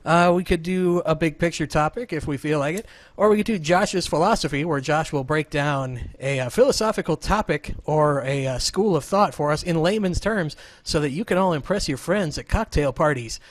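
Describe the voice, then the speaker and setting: Joking podcast host, slightly high voice. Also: male voice, moderate pace, hardly any pauses, no echo. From Southern Illinois. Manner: joking, rambling, self-deprecating. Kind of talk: casual chat. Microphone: remote call setup.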